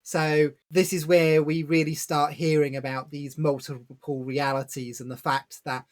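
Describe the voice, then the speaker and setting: A man's voice: on the high side, flat delivery, unhurried. A man co-hosting a casual book-review podcast, explaining points at length with small laughs. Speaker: podcast co-host.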